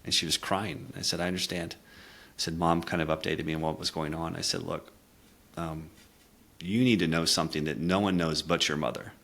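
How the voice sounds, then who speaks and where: A man's voice: low-pitched, flat delivery, normal speed, creaky. A middle-aged man, a communication coach, telling a candid personal story in an earnest, reflective way. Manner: earnest, reflective, drops quiet for emotional moments.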